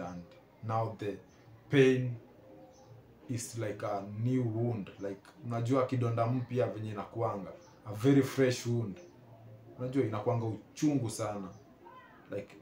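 A man's voice: mid-range voice, roomy sound. A man with a Kenyan accent giving emotional reaction commentary, earnestly repeating his pleas. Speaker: reaction video host.

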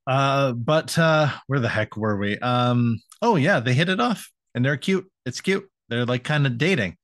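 Slow, halting male podcast co-host. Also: medium pitch, expressive, a bit bright, dry recording, studio quality. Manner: hesitant, lots of uh and um, quick to laugh. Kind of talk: casual chat recapping a cartoon episode.

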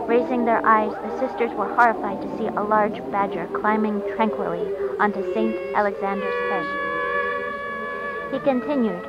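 A woman reading a short story aloud in a calm, even storytelling way, recorded on a dull lo-fi track with faint hiss. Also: mid-range voice. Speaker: narrator.

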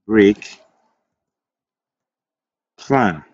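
A man's voice: fairly low pitch, animated, very slow, darkish tone, no echo, highs cut off. A man teaching web development in a screen-recorded coding tutorial. He thinks aloud as he types, corrects himself, and drifts into chatty asides.

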